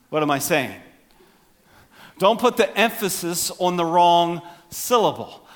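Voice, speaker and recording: A middle-aged man preaching a sermon as pastor, animated, acting out voices for emphasis. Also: high voice, moderate pace.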